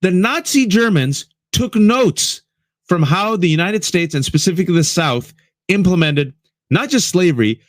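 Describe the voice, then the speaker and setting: A man's voice: high voice, lively intonation, moderate pace, no room sound. A man hosting a political commentary show, talking with passion and often calling his listeners "folks". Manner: impassioned, addresses listeners as folks. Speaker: host.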